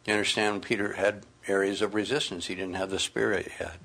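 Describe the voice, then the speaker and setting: A man's voice: lowish voice, level tone, fairly quick, few pauses, pushed and bright. A middle-aged man preaching a sermon, reading scripture aloud and speaking with earnest emphasis.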